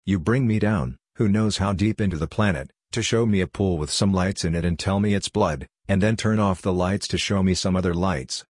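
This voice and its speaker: A man's voice: deep voice, normal speed, few pauses, darkish tone, no echo, clean studio sound. A man reading the lines of a confused, irritable man in a story, asking short, baffled questions. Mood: bewildered. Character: confused, irritable man losing his temper.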